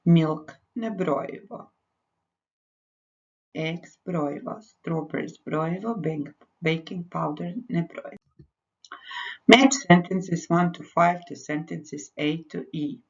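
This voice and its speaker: Her low-pitched voice moves slowly, with frequent pauses, through a recorded English lesson explained in Croatian. The teacher patiently repeats each instruction in both languages, and the lo-fi audio sounds dull.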